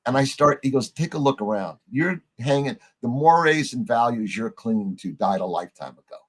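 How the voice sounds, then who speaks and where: A middle-aged man, a podcast guest, telling a story in a lively way, acting out the lines of the people in it and swearing casually. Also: mid-range voice, normal speed. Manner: animated storyteller, acts out quoted dialogue, swears casually.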